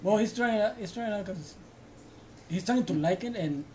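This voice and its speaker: A man's voice: high voice, expressive, normal speed, a little mellow, slight background noise. A man co-hosting a casual podcast, giving news updates with some hesitation. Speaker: podcast co-host. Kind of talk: casual chat.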